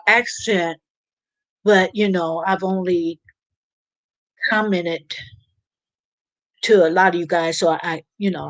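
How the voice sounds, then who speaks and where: A woman of medium pitch hosts a casual live stream, reading out viewer comments and rambling with lots of fillers and restarts. The recording is dry and rough.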